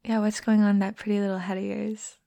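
A woman's voice: medium pitch, flat delivery, moderate pace, creaky, no echo, close to an everyday voice. A woman doing a teasing, whispery young friend. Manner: soft teasing whispers and giggles. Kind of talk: whispered role-play.

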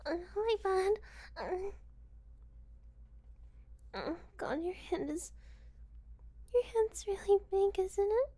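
A woman playing a giggly, flustered girl with a squeaky voice. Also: expressive, slow, long pauses, warm tone, full character voice. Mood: flustered, eager. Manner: giggly, breathless, stammering, drops into whispers. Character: gullible, eager, easily flustered young woman. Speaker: audio role-play performer. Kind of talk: intimate audio role-play.

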